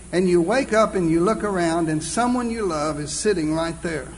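A man preaching a sermon, earnest and exclaiming, reading scripture slowly and deliberately. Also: sits high, slight background noise, rough recording.

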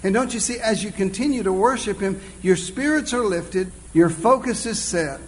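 A man preaching a sermon, earnest and exclaiming, reading scripture slowly and deliberately. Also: high-pitched, rough recording.

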